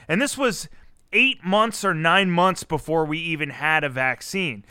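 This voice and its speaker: Give me a man hosting a podcast, crisp voice, a bit high, chatty with fillers. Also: normal speed, pushed and bright, no room sound, clean studio sound. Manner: conversational, many fillers. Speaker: podcast host. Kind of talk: interview.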